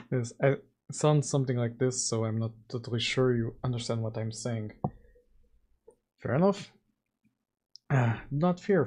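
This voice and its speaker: A man's voice: mid-range voice, darkish tone. A middle-aged man hosting a casual livestream, laid-back and laughing often. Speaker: streamer and game developer.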